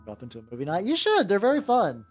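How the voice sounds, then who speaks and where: A woman's voice: medium pitch, wildly swooping pitch, quick pace, a little mellow, soft background music. A woman chatting casually on a miniature painting stream, rambling with many restarts and some swearing. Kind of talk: casual livestream chat.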